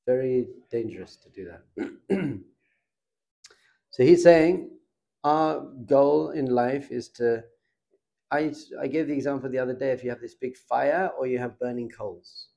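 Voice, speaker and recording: A middle-aged man, a rabbi, giving an informal Torah class in a lively, conversational way and putting questions to his students. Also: mid-range voice, a little slow, creaky, long pauses.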